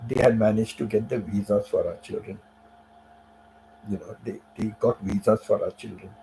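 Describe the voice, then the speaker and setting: A man with a fairly low, mellow voice recounts a personal story on his live stream. He talks casually and emotionally, circling back on his own phrases and leaning on "you know" between thoughts. A faint hum of noise sits under his voice. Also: fairly even intonation, moderate pace, poor audio. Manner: emotional, repeats himself, fills with "you know".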